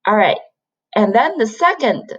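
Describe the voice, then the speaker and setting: A native Mandarin-speaking woman from China teaches an online Chinese lesson, slowly and patiently repeating each sound so learners can follow. Her voice is a little high, sing-song and husky, and the sound quality is lo-fi.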